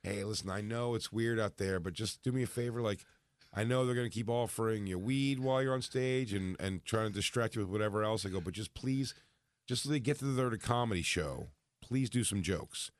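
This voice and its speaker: A man's voice: lowish voice, brisk, dry recording, clean studio sound. A comedian telling a funny story in a casual chat, acting out the people he quotes. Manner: animated, acts out quotes with laughter. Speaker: comedian guest.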